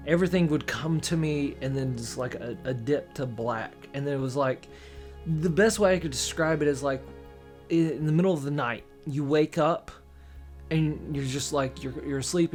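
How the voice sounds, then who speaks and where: A young man candidly recounting a personal story to camera, rambling and emotional, often restarting his sentences. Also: fairly high pitch. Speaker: vlogger.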